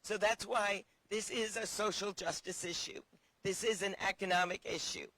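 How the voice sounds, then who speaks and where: A senator speaking passionately at an outdoor rally, her voice hoarse and worn, clearing her throat now and then. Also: mid-range voice, steady tone, normal speed, fairly bright tone, no room sound, low-quality recording. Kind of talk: rally speech.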